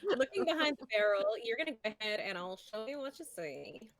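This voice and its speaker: A woman guides her players through a tabletop adventure as the dungeon master, with a fairly high voice. She narrates in a relaxed, casual way, with filler words here and there. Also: a little fast, a crowd in the background.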